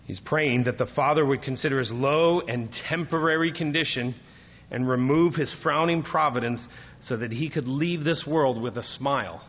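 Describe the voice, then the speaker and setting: A man preaching a sermon, building from steady explanation to emphatic, higher-pitched appeals on key points. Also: a little slow, big-room sound, lo-fi sound. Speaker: pastor.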